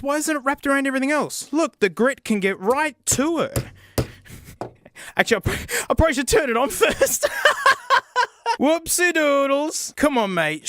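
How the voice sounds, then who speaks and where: A man reviewing a gadget in a casual vlog, excitable and sarcastic. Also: high voice, no room sound, clean studio sound. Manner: excitable and sarcastic, laughs often.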